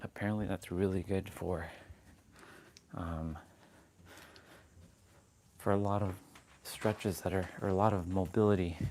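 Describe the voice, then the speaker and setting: A man's voice: deep voice, steady tone, a little slow, pauses often, a little mellow, slight background noise. A man hosting a live workout stream, counting his exercise reps aloud and chatting with viewers in a friendly way. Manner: friendly, greets viewers as brother. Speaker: fitness livestream host.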